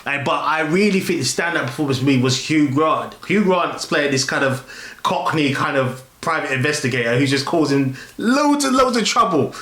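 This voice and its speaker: A man's voice: a little high, animated, normal speed, a bit bright. Rambling man reviewing a film, echoey room. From London, England. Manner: rambling, many fillers and restarts. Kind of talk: casual spoken film review.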